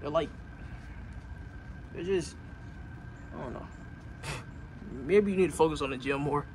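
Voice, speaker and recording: Young man, motivational vlog pep talk, slightly high voice, noisy outdoor recording with traffic behind. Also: unhurried. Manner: earnest, repetitive, rising to loud urging. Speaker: vlogger.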